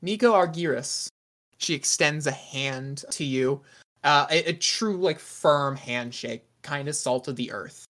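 A game master narrating a tabletop game in a lively way, with lots of fillers. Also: mid-range voice, unhurried.

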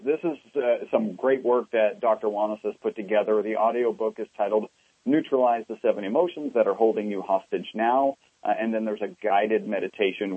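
Low-voiced man guest on a phone line. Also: breathy edge, no room sound. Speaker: guest researcher. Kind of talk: interview talk.

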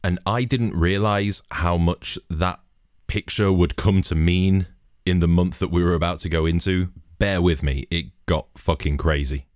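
Young podcast host, very low voice, dry close sound, swears freely while telling a story. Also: male voice, a little slow, no echo. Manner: sweary, animated anecdote telling. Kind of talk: casual storytelling monologue.

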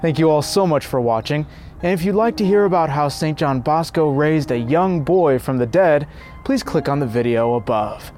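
Brief: devotional male storyteller, slightly high voice, earnest read. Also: moderate pace, darkish tone, soft background music. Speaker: narrator. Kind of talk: scripted narration of a saint's life.

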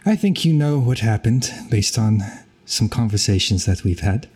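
A man voicing a weary, stony male pirate captain who speaks quietly and in a measured way. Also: fairly low pitch, animated, breathy edge. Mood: grave.

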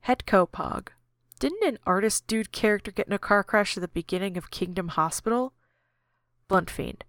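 A woman narrating a podcast, reading a chat log aloud in a deadpan way, usernames and emoticons included. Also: mid-range voice, normal speed, dry recording, studio quality.

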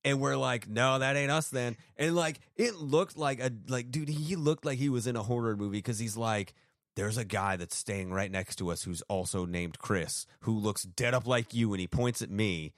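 A man's voice: mid-range voice, normal speed, no room sound, studio quality. A man co-hosting a podcast, telling a story in casual chat, full of fillers and acted-out quotes. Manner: rambling storyteller, acts out quotes, many fillers. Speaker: podcast co-host.

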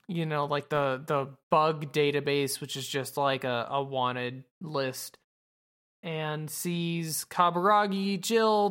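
Podcast host lady, low voice, slow and rambly, swears a lot. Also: fairly bright tone, clear, resonant tone. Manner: rambling, profane, lots of fillers. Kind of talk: casual anime recap.

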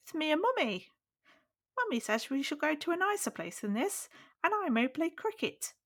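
Female reader voices an eager little boy in a storybook: odd, squeaky, very high and sing-song. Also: big pitch swings, moderate pace, a bit bright, heavily acted.

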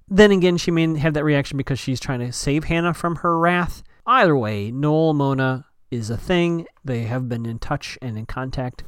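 A man's voice: medium pitch, no room sound, clean studio sound. A man casually recapping a TV episode as a podcast host, chatting and thinking aloud with many fillers and restarts.

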